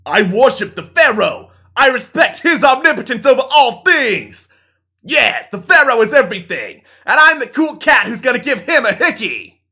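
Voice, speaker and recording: A man voicing a pompous stage hero who speaks like a ventriloquist, loud and triumphant. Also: extremely high pitch, sing-song, moderate pace, breathy edge, voice pushed up, heavily acted. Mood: boastful. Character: man played as a stiff ventriloquist-style hero.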